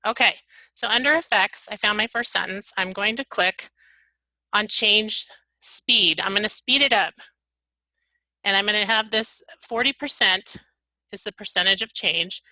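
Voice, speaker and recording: A woman presenting a software tutorial webinar, walking through the steps one at a time. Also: mid-range voice, measured pace, no room sound, poor audio. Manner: upbeat step-by-step instructions.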